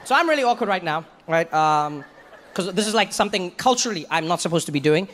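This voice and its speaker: A young adult man from South Africa with a South African accent, telling stand-up stories in an animated, conversational way. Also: high voice, quick pace. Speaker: stand-up comedian. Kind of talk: stand-up comedy. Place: stage in a large hall. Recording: echoey hall, faint crowd noise.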